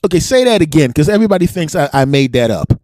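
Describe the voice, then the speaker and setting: A comedian with a Philadelphia accent chats on a podcast in a mid-pitched male voice. He tells stories with energy and slips into other people's voices as he goes. The sound is dry and close, with little room echo. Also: fast. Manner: animated storyteller who acts out other people's voices. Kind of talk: casual podcast chat.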